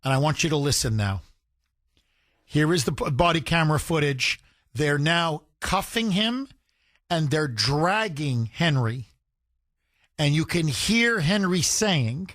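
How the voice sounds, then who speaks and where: Outraged radio host guy, bit high voice, bouncy pitch, dry studio sound. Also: lively intonation, measured pace, fairly bright tone, no room sound. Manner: indignant, emphatic, mimics people in quotes. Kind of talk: opinionated talk radio commentary.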